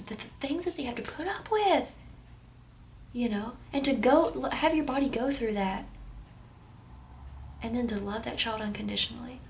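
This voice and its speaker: Twenties woman, Kentucky accent, rambling self-deprecating vlogger, slightly high with a gravelly edge, runny nose. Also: slight background noise. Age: 20s. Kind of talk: casual talking-to-camera vlog.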